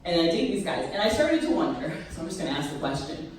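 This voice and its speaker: Young female stand-up, deadpan and punchy, recorded far off in a boomy club room. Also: quick pace. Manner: deadpan, punchy delivery with put-on voices for her mom. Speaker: stand-up comedian. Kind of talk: stand-up comedy set. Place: comedy club stage. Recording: roomy club sound from a distance. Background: audience laughter.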